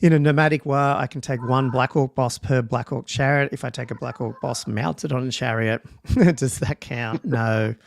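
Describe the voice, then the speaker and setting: Gravelly man chatting casually on a livestream. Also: medium pitch, moderate pace, slight background noise. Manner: thinks aloud while reading out rules, with fillers and restarts. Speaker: podcast host.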